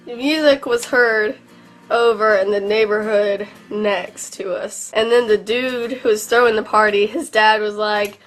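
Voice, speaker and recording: A woman's voice: mid-range voice, fairly even intonation, unhurried, fairly bright tone, soft background music. A young woman telling rambling, giggly stories in a casual vlog, filmed on her phone at home. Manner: rambling, giggly storytelling with filler words. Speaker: vlogger. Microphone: phone camera.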